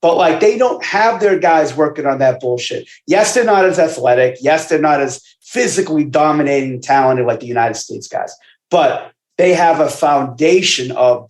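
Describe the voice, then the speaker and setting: A man who works as a basketball trainer, guesting on a casual podcast and telling stories in a profane, animated way. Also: on the high side, moderate pace. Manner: profane, animated storytelling with asides. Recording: roomy echo.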